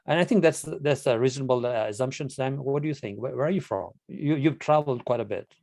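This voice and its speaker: A man from Kenya hosts an online club meeting over a video call. He talks in a friendly, chatty way and often stutters over repeated words. His voice sits in a middle pitch with a dry, close sound. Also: quick pace, vocal fry, a little mellow, dry recording. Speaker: meeting host. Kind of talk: casual video-call hosting.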